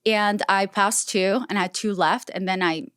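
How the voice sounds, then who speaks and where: A woman's voice: medium pitch, moderate pace, smooth, no echo, studio quality. A woman on a podcast as a guest, telling a story in casual talk, acting out quoted voices and often restarting her sentences. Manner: animated, acts out quoted voices, frequent restarts.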